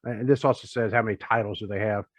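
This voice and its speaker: A man's voice: on the low side, steady tone, fast talker, no room sound. A man, co-hosting a wrestling podcast in a rambling, chatty, joking way. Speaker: podcast co-host. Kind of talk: casual chat. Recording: dull lo-fi podcast audio, dry.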